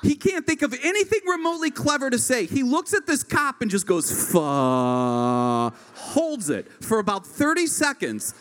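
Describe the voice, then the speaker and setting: Animated stand-up comedian man. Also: very high-pitched, brisk, few pauses, in a large hall. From rural Ohio. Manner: animated, acts out voices in his stories. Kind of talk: stand-up storytelling.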